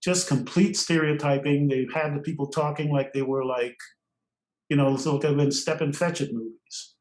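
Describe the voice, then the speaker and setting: Older man, from Trinidad, slightly high voice, animated storyteller, laughs a lot, echoey room. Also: moderate pace. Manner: animated, laughs often mid-sentence. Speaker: guest. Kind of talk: storytelling interview.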